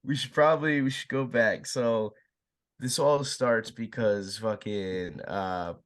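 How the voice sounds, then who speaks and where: Guy on a movie podcast, mid-pitch voice, swears a ton, super animated retelling scenes. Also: slow. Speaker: podcast co-host. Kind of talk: casual movie review chat.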